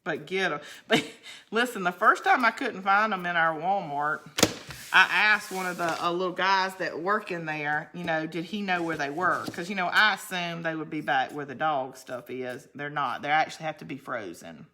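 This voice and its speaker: A woman's voice: on the low side, normal speed, a little hiss or hum. A middle-aged woman, chatting in a rambling way and laughing often as she hosts a crafting video. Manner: chatty and rambling, laughs often, drops to a quiet count under her breath. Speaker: crafting channel host. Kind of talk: casual chat while crafting.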